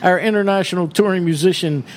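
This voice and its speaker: A man's voice: high-pitched, fast. A man hosting a radio show in a studio, joking and laughing often between announcements. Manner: jokey, laughs often, lively announcer delivery. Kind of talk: casual studio radio chat.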